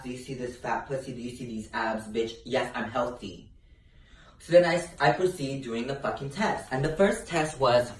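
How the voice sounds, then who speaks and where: A young man telling a brash, profane story in a sassy storytime vlog. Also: medium pitch. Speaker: vlogger. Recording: roomy echo.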